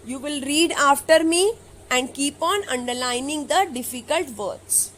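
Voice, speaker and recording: A woman teacher with a high voice reads a story aloud slowly. She stops often to explain each line to children in simple words, starting with "okay" and "now". A faint hum of room sound sits behind her. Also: a bit bright, poor audio. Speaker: English teacher.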